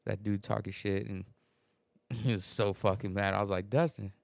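A man's voice: on the low side, little pitch movement, moderate pace, no echo. A man in casual podcast chat, cutting in with crude jokes and heavy swearing. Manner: gravelly, profane, jokey interjections.

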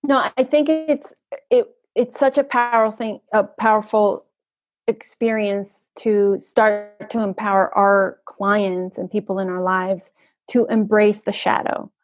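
A woman's voice: mid-range voice, fairly even intonation, unhurried, dry recording. A woman energy coach talking as a guest in an interview, flowing and earnest, often checking in with "right?". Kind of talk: conversational podcast interview.

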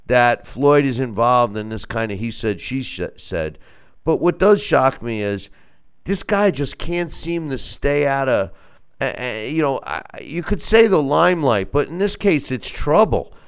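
Man, sports radio host, casual chat, wry and animated, very resonant smooth voice. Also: mid-range voice. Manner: animated, halting with fillers, wry.

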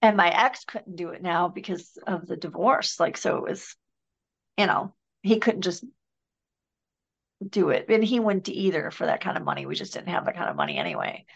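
A woman's voice: on the low side, sing-song, normal speed, creaky, rough recording. A middle-aged woman from Michigan, a podcast guest talking in a loose, rambling way with many fillers and restarts. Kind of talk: casual conversation.

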